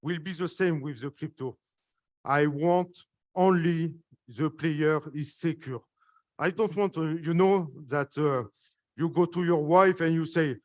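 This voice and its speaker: French-accented man, fairly high voice, halting emotional stage pitch, very dry sound. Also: dry recording. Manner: halting, earnest, emotional, with frequent fillers. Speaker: guest speaker presenting a project. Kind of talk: live stage speech.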